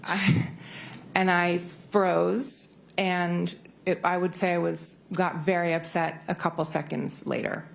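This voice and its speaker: Woman witness on the stand, low creaky voice, short hesitant answers. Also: flat delivery, takes it slowly, slight background noise. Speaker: trial witness. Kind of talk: courtroom testimony.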